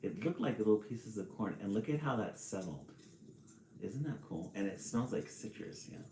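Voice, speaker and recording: A man reading a children's storybook on a live stream and chatting with viewers in a relaxed, chatty way. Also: fairly low pitch, reverberant, slight background noise, rough recording. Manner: slow, relaxed, chatty with small laughs.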